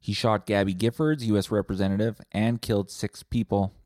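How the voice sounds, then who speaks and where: A man's voice: lowish voice, fairly even intonation, a little fast, a little mellow, dry recording, studio quality. Rambling, profane male podcast host. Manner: rambling, profane, tangent-hopping. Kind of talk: rambling comedic monologue.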